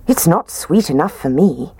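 A woman's voice: low voice, lively intonation, moderate pace, warm tone, breathy edge, no echo, exaggerated voice. Storybook role: a woman doing a fussy little girl who complains.

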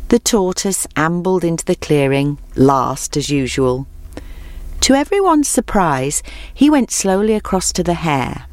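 Woman storybook narrator, low voice, measured, dry close sound. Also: big pitch swings, a little mellow, no room sound. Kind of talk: storybook reading.

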